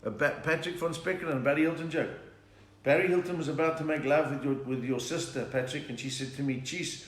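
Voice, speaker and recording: A South African comedian with a slightly high voice talks at a quick pace with fairly even intonation. He's on a live stream from home during lockdown, joking, chatting and handling viewer requests, in an echoey room with faint noise.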